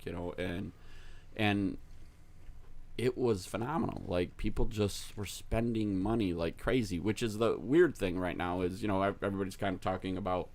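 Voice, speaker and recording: A man's voice: lowish voice, normal speed. Rambling, laid-back podcast co-host man. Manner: rambling, laughs often. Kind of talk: casual chat.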